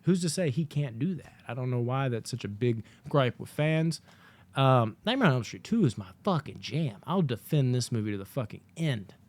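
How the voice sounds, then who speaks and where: A man co-hosting a podcast, talking excitedly and cursing often in a casual movie debate, now and then acting out a villain's lines. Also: medium pitch, normal speed. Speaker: podcast co-host.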